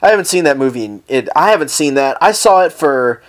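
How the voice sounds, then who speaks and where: A man's voice: fairly high pitch, animated, brisk. A young man hosting a casual solo podcast, rambling through stories with heavy swearing and frequent laughter. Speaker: podcast host.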